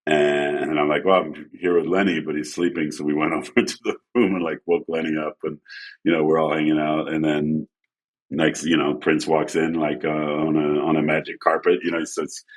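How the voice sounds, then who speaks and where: A man telling casual stories as a guest photographer, acting out quotes in an animated way. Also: normal speed. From France. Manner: animated, acts out quotes with shifting pitch. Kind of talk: casual storytelling.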